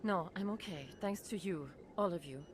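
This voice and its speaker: A woman's voice: fairly low pitch, normal speed, a little hiss or hum, lightly acted. A woman playing a frightened doctor in a game, speaking nervously and earnestly. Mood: shaken. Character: frightened female doctor, shaken witness.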